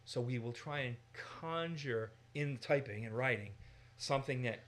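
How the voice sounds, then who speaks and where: An American man teaching in a casual discussion, animated and given to acting out voices in his examples. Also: medium pitch, moderate pace. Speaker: Bible teacher.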